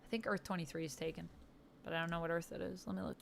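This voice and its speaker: Streamer host, woman, slightly low voice, chatty fan energy, answers chat on the fly. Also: level tone, very fast, vocal fry, slight background noise. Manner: chatty, reads viewer comments aloud and answers them; enthusiastic comic-book fan talk. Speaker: livestream host. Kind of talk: casual chat.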